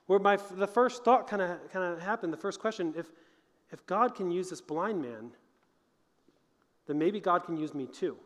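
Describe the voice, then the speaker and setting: A man's voice: high voice, expressive, normal speed, fairly bright tone, long reverb tail. A man giving an earnest, conversational chapel talk to college students as a motivational speaker.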